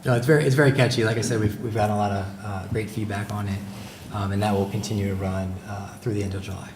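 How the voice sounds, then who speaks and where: A man's voice: fairly low pitch, fairly even intonation, fast. A man giving a formal presentation at a public meeting, hesitant, with many fillers and restarts, on a table microphone in an echoey meeting room with background noise. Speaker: presenter for a company's supplier outreach.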